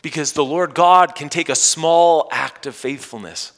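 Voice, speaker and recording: A man preaching a Sunday sermon as pastor, animated, with playful asides to his congregation. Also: a little high, measured pace, long reverb tail.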